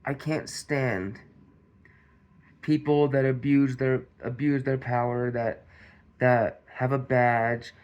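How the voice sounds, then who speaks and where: Male commentary host, unhurried delivery, mid pitch, repetitive rhetorical style. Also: steady tone, darkish tone. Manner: repetitive, restarts, rhetorical questions to viewers. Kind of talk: casual commentary monologue.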